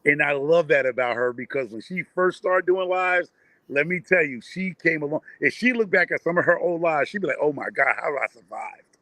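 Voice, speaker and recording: A man, a panel guest who talks in animated bursts and repeats himself. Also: a little high, a little fast, no echo. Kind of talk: casual panel chat.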